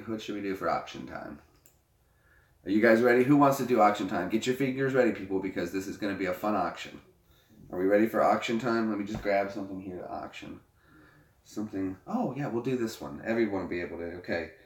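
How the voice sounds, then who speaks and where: A man's voice: lowish voice, fast, distant mic. A man chatting casually with his viewers, joking and rambling between laughs. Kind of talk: casual chat. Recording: echoey room.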